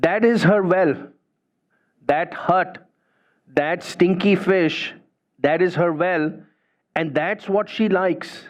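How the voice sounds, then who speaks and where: A man's voice: high voice, slow pace, long pauses. A man giving a spiritual talk, telling a story in a conversational way and often tagging phrases with "you know" and "right". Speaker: spiritual speaker. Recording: dull lo-fi recording.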